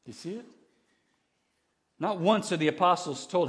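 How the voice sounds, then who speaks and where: A man preaching a sermon in an earnest, conversational way, animated and full of restarts. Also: a little slow, long pauses. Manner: animated, acts out quoted voices with big pitch swings. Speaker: pastor.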